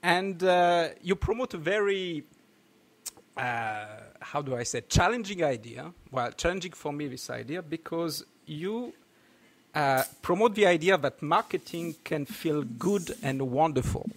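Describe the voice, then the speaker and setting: A man with a French accent hosting a casual podcast, halting and laughing, full of restarts. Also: a little high, expressive. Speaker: podcast host.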